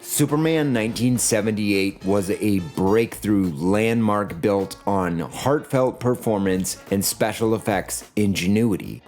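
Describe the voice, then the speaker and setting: A man narrating a scripted video essay in a sardonic, jokey way, with his pitch swinging up and down. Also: darkish tone.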